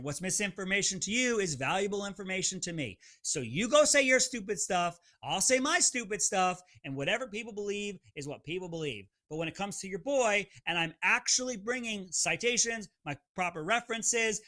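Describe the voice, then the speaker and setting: A man's voice: sits high, sharp tone. A man hosting a live stream, talking in a fired-up, emphatic way and reading viewer comments aloud.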